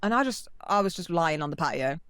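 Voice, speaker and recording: A woman's voice: sits low, fast, smooth, dry recording, clean studio sound. A woman, a podcast co-host telling a childhood story in casual chat, swearing freely and acting out the voices of the people in her story. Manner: animated, swears freely, acts out quoted voices.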